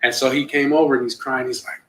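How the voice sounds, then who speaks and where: A middle-aged man, a comedian, telling stories in loose, profane, animated fashion during a casual podcast chat. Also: medium pitch, quick pace, roomy sound, low-quality recording. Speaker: comedian guest.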